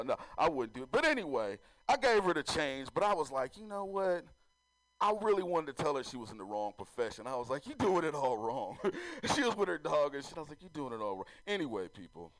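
A man's voice: a little high, fairly bright tone, no echo, poor audio. A man doing a loose, profane stand-up comedy set, often laughing at his own jokes.

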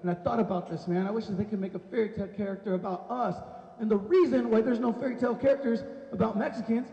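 A man's voice: high voice, steady tone, fast talker, creaky, warm tone. A man doing a rambling, profane stand-up comedy set on a club stage, tacking "man" onto nearly every line. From Seattle area. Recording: dull, echoey hall recording.

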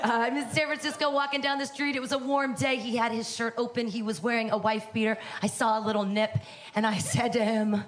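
A woman's voice: fairly high pitch, fairly even intonation, brisk. A woman in her fifties doing a brash, bawdy, self-mocking stand-up set at a live comedy club. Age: 50s. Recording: live club, loud crowd.

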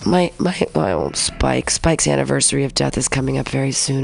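Gravelly-voiced woman rambling on radio. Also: a bass voice, lively intonation, brisk, hardly any pauses. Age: 40s. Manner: rambling, profane, emotional. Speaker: radio host. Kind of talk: casual solo radio talk.

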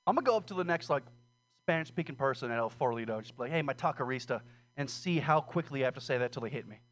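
A man's voice: medium pitch, expressive, rapid-fire, a bit bright. A man doing a rambling, profane, self-deprecating stand-up set at an open mic. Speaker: stand-up comedian. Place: small comedy room with audience.

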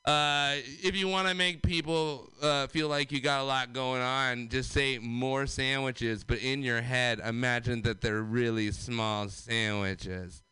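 A man doing deadpan stand-up with slow, absurd delivery. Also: medium pitch, clear, resonant tone, dry recording. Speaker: stand-up comedian. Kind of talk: stand-up set.

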